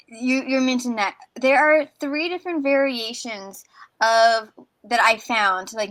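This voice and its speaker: Woman, podcast co-host, casual chat, slightly high voice, rambling explanations. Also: fairly bright tone, no room sound, rough recording. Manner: explaining at length with many fillers and restarts.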